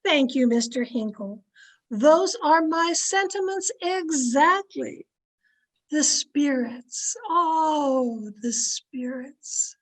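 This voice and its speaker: A woman's voice: high voice, animated, very slow, full character voice. A woman playing a pompous, bossy society matron who holds a seance as a self-styled medium, in an old-time radio drama read over a video call. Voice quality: pompous, commanding, theatrical.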